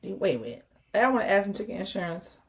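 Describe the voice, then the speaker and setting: A woman co-hosting a podcast, telling stories in a casual, animated way, acting out the dialogue and talking to her listeners directly. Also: medium pitch, fast talker. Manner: animated storyteller, acts out dialogue, addresses listeners as y'all. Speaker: podcast co-host. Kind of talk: casual chat.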